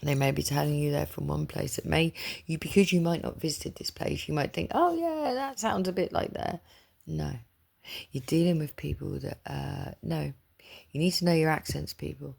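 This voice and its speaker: A woman tells a personal story in a chatty, digressive way, wandering off on tangents as she goes. Her voice is heavily gravelly, full of fry. It also has a husky, raspy edge. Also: deep voice, flat delivery, moderate pace, darkish tone. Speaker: spiritual reader.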